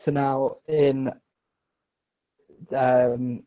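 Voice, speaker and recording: A man's voice: mid-range voice, flat delivery, drawn-out words. Enthusiastic male host on a tinny line. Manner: friendly, enthusiastic questioner. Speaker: interview show host. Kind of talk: casual interview chat. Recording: tinny phone-like video call audio.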